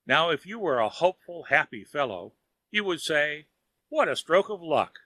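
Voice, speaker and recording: A man voicing a wise male fairy who scolds and teases gently, in a children's audiobook. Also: on the high side, big pitch swings, normal speed, no room sound, heavily acted. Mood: teasing. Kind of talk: audiobook character voice.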